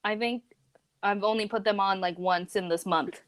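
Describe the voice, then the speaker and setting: A woman's voice: mid-range voice, fairly even intonation, moderate pace. Laid-back young woman co-hosting a youth stream. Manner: laid-back, lots of "like", "man" and "dude". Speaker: youth group co-host. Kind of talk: casual livestream chat reading memes aloud.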